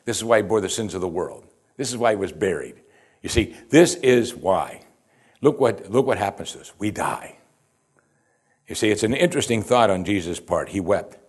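A man's voice: lowish voice, expressive, moderate pace, darkish tone, slightly rough. A man preaching a sermon, reading scripture and explaining it with rhetorical questions and repeated "you see". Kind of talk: sermon, verse-by-verse Bible teaching.

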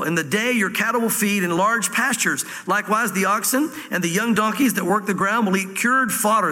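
Bright high Southern preacher in a hall. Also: male voice. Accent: Southern American. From Southwest Virginia, US. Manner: reads scripture aloud then explains it, with folksy asides. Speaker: pastor. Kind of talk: verse-by-verse sermon. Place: church room with audience.

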